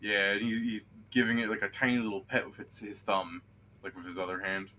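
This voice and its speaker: Game master for a streamed tabletop session; man, lowish voice, bright forward tone, chatty and rambling. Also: fairly even intonation, brisk. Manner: rambling, laughing, with many fillers.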